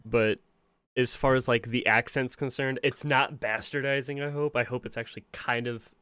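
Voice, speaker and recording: A man chatting on a podcast, halting and stumbling over words. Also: mid-range voice, fairly even intonation, fairly bright tone, smooth, no echo. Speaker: podcast cast member. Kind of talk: casual podcast chat.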